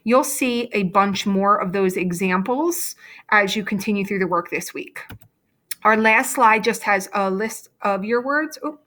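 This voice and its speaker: A patient woman teacher walks young learners through a phonics lesson on shared slides, speaking into a computer mic at her desk. She explains each step slowly and keeps checking in with "okay?". Her voice sits at an ordinary middle pitch. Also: fairly bright tone.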